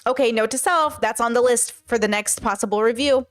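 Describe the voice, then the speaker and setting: A woman's voice: fairly high pitch, brisk. A woman hosting a podcast, chatting in a rambling, casual way while reacting to a clip. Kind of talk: casual commentary.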